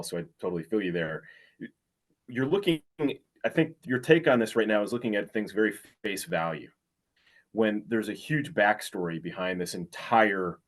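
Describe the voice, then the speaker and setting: Low-voiced man explaining with analogies. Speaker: co-host. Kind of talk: casual podcast discussion.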